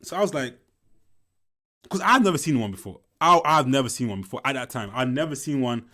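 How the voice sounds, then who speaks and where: A man's voice: mid-range voice, animated, brisk, sharp tone. A young man, telling a school story casually while commenting on a film, swearing often and repeating himself. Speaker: movie reaction commentator.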